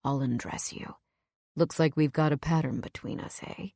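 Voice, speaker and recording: A woman putting on a deep, soothing man who sounds sure of himself and gentle, his words low and steady. The reading is close and dry, with no room sound around it. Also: normal speed, gravelly, dry recording. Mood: calm, gentle. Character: strong calm protective man, deep soothing voice.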